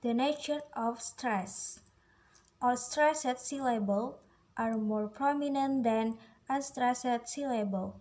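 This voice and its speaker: A woman's voice: on the high side, slow, a little mellow, poor audio. A young woman with an Indonesian accent giving a student presentation, reading a prepared script carefully. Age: young adult. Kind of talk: class presentation on phonology.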